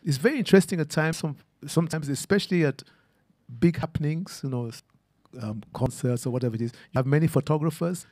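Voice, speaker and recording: A man's voice: a little high, quick pace, darkish tone, dry recording, clean studio sound. A man speaking as a photographer in an artist talk, musing aloud and often ending his phrases with a questioning "huh?". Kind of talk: reflective conversational talk. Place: garden event.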